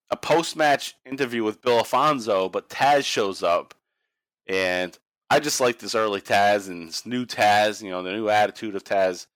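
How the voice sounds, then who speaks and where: Brief: laid-back podcast host, crude and joking, with a dry close-mic sound. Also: male voice, fairly low pitch, fairly bright tone, dry recording. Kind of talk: casual chat.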